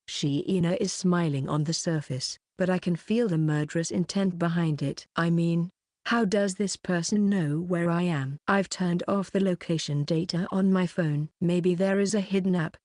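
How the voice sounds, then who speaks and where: A woman narrating a light novel audiobook in an even, steady storytelling manner. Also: lowish voice, no room sound, clean studio sound. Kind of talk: scripted narration.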